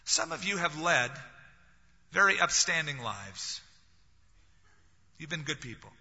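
A man delivers a sermon in a bright, cutting, somewhat husky voice that sits a little high. He talks conversationally and drops in wry jokes. The recording is dull and lo-fi, with a long reverb tail as if in a large hall. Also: very animated, takes it slowly. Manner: conversational, with wry humorous asides. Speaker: pastor.

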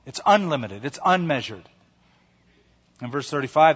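Emphatic preacher with a higher voice. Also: male voice, expressive, a bit bright. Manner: emphatic, storytelling, with dramatic pauses. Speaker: pastor. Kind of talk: sermon. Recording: echoey hall, dull lo-fi sound.

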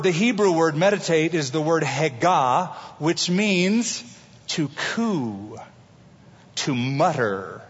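A man preaching a sermon as pastor, telling it in an animated way with homey everyday examples. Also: on the high side. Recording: dull recording with long hall reverb.

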